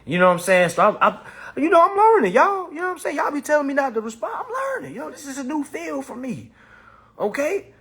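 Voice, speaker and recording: A man teaching and mentoring, talking casually to his viewers in a blunt, profane, animated way. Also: very high voice, quick pace, a crowd in the background. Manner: blunt, profane, animated, keeps saying "all right".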